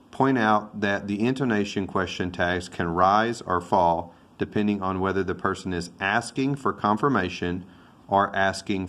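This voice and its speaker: A man's voice: low voice, a bit bright. A native English-speaking man teaching a casual video lesson on intonation, thinking aloud and correcting himself as he goes.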